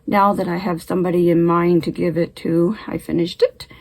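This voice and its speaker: A woman's voice: on the low side, level tone, moderate pace, a little mellow, rough recording. A woman hosting a casual knitting vlog from her home in Canada, chatting in a friendly way and sounding a little short of breath, with the odd cough. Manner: friendly, chatty, occasional coughs and throat clearing. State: short of breath after illness. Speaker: knitting channel host.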